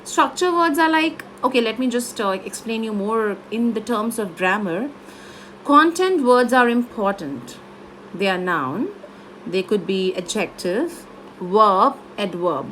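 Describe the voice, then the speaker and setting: A woman teaching public speaking in an online lesson, explaining slowly and stressing key words. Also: a little high, expressive, a bit bright, slight background noise, poor audio.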